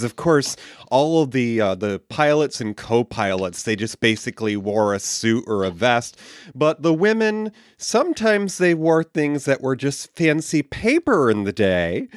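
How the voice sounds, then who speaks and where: A man co-hosting a film podcast, telling stories in a lively, animated way. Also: medium pitch, no echo, clean studio sound. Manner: lively storytelling, animated rises. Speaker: podcast co-host. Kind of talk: casual chat.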